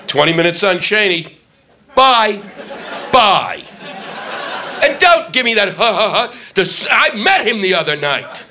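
A man doing a stand-up comedy routine on stage, ranting and profane, shouting his punchlines. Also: high-pitched, very animated, unhurried, pauses often, some chatter behind. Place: comedy stage before a live audience. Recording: live club audio with ambient noise.

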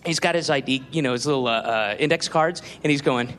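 A man's voice: medium pitch, brisk, few pauses. A man telling a rambling, profane stand-up story to an audience, full of fillers. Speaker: stand-up comedian. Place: comedy stage before an audience. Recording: live club, loud crowd and noise.

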